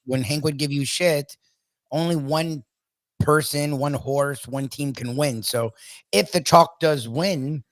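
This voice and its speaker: A man co-hosting a casual sports talk show, agreeable and quick to laugh, mostly giving short replies. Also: a little high, dry recording. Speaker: co-host.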